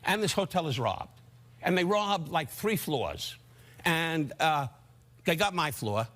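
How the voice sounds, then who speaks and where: A man's voice: on the high side, lively intonation, slow, fairly bright tone. An older man, a comedian guest on a talk show, telling rambling stories and teasing the host. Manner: brash, teasing, rambling with restarts. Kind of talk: talk show comic storytelling.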